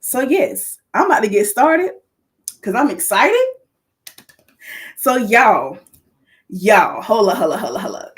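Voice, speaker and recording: Excited woman hosting a live podcast. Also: on the high side, unhurried, pauses often. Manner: lively, excited, calls to the audience. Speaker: podcast host. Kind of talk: livestream chat to viewers.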